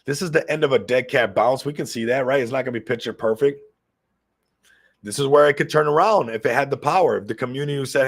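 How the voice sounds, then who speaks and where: Hosting a casual crypto livestream, a man talks fast at medium pitch, excitable and hyped, constantly addressing his viewers. He sounds a little sick.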